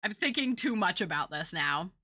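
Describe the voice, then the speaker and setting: A woman's voice: on the low side, big pitch swings, moderate pace, bright, forceful tone. A young woman with a Southern US accent touched by British vowels, chatting casually as a streamer, rambling with many fillers. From United States. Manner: chatty, rambling, full of filler words and laughs. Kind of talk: casual chat while drawing.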